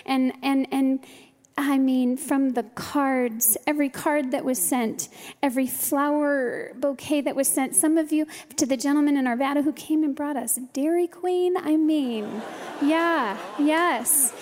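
A woman with a somewhat high voice thanks a church crowd from the stage. She speaks emotionally and haltingly, often starting her words over. Her voice rings with a long reverb from a large venue. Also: fairly even intonation, darkish tone, slight background noise. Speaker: pastor's wife addressing the church. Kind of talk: heartfelt thank-you to the congregation.

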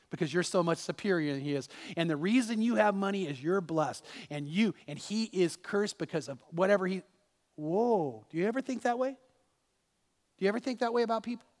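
A man's voice: sits high, moderate pace, in a large hall. A man preaching a sermon as pastor, telling a personal story with restarts and repeated words.

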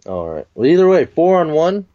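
A man's voice: a little high, big pitch swings, fairly quick, mellow, no echo. A laid-back man chatting about a comic book, cursing easily and pushing back on his friend. The recording is dull and a little lo-fi, dry with no room around him. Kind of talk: casual chat.

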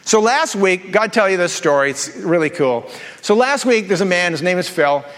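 A man's voice: high voice, expressive, fairly bright tone, big-room sound. A male pastor preaching a sermon with humorous storytelling and playful asides. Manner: jokey storytelling, quick asides and self-repeats.

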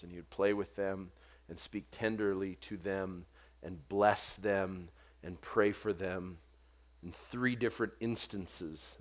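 A man preaching a sermon, earnest, building to forceful emphasis and dropping soft on quoted words. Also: low voice. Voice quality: short stature mentioned, not vocal.

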